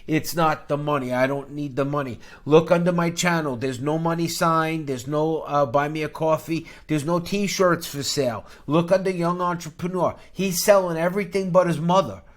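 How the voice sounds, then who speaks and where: A man's voice: on the high side, moderate pace, hardly any pauses. A middle-aged man hosting a finance channel, talking in a brash, jokey, rambling podcast style that jumps between topics.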